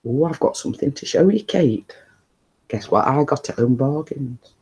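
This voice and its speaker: A man hosting a casual live stream from his living room, talking quietly and rambling chattily to viewers. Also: medium pitch, lively intonation, moderate pace, creaky, husky. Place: living room at home, indoors.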